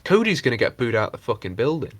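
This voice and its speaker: A man co-hosting a casual podcast, rambling and swearing freely as he mocks people with quick impressions. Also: medium pitch, very animated, a bit bright, dry recording. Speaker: podcast co-host. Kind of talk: casual chat.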